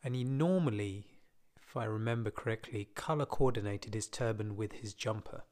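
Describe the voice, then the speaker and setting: Man telling a story, low-key. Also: normal speed. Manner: relaxed, conversational, self-deprecating asides. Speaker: podcaster telling a personal story. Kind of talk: casual storytelling monologue.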